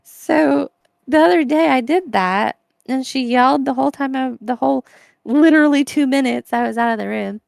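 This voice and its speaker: A young woman co-hosting a podcast, chatting casually and telling a story with lively put-on voices and giggles. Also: high-pitched, a little fast, creaky, no room sound. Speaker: podcast co-host. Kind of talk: casual chat.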